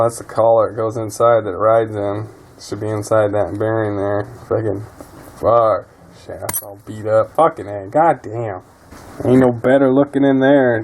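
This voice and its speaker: A man's voice: mid-range voice, darkish tone. A man talking casually while repairing a quad in his garage, muttering and cursing often. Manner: profane, frustrated muttering. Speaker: DIY mechanic vlogger.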